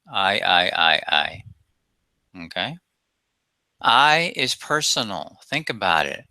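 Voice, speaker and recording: A man's voice: medium pitch, sharp tone, dry recording. A man presenting a self-help webinar as a coach, talking emphatically and asking rhetorical questions.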